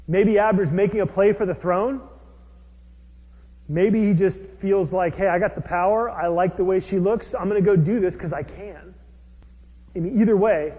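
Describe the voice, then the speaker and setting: A man preaching a sermon as a pastor, animated, acting out the figures he describes. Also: high voice. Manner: animated, acts out quoted characters with rising intensity. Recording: dull lo-fi audio with long hall reverb.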